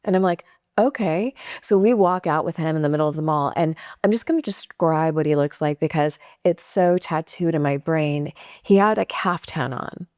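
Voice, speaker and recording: A middle-aged woman from California telling a personal story in a casual, animated way, acting out the quotes. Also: deep voice, moderate pace, few pauses, smooth, no room sound, studio quality. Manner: animated, acts out quotes with laughs. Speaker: guest storyteller.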